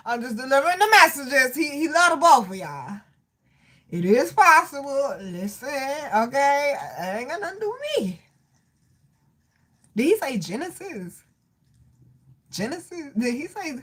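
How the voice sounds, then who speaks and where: A woman giving a live medium reading, talking casually with spirits, laughing often and swinging between loud outbursts and soft murmurs. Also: sits high, big pitch swings, slow pace. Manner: casual, slangy, chatty.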